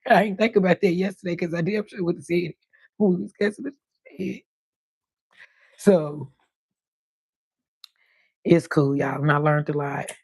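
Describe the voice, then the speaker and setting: Raspy gravelly woman in her 50s rambling on her livestream, close dry mic. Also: fairly low pitch, unhurried, long pauses, no echo. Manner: chatty, animated storytelling with cussing and quoted voices. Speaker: livestream host. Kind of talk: casual livestream chat.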